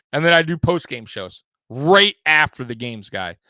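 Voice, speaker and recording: A young man hosting a live sports show, swearing freely and rambling with sudden loud bursts. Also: fairly high pitch, sing-song, a little slow, no room sound. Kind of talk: casual live-stream sports talk.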